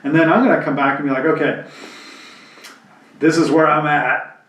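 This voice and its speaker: A man's voice: fairly high pitch, steady tone, normal speed, fairly bright tone, distant mic. A man from New Jersey chatting candidly and reflectively, acting out quoted voices as he tells stories. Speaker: podcast co-host. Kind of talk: casual chat. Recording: roomy, mic set back.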